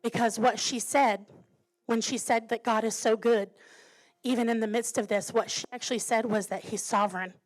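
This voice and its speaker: A woman's voice: fairly high pitch, fairly even intonation, normal speed. A woman pastor in her thirties preaching a sermon, telling a personal story earnestly and building to emphatic declarations.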